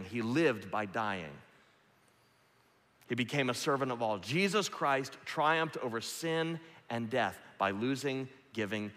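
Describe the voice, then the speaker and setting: A man preaching a sermon, moving between loud, impassioned peaks and quiet, hushed passages. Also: medium pitch. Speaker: pastor. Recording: long reverb of a large hall.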